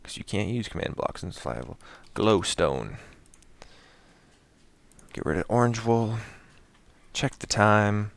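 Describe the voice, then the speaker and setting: A man with a low, gravelly voice talks his viewers through a building game in an unhurried, easygoing way, often muttering to himself and counting items aloud as he places them. His tone stays smooth and clear under the grit, and the sound is dry and close. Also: very animated, no room sound. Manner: explains step by step to his viewers. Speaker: Minecraft builder and commentator. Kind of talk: casual gameplay commentary.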